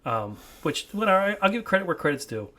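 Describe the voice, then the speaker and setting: A man's voice: sits high, very animated, fast, sharp tone. A young man hosting a casual podcast from his man cave, rambling and laughing easily, often repeating his words. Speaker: podcast host. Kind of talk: casual chat. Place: home man cave, indoors.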